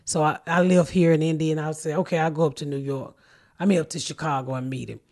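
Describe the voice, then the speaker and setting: A woman's voice: low-pitched, fairly even intonation, fast talker, darkish tone. A middle-aged woman hosting a podcast, telling stories in blunt, profane casual chat and laughing often. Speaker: podcast host.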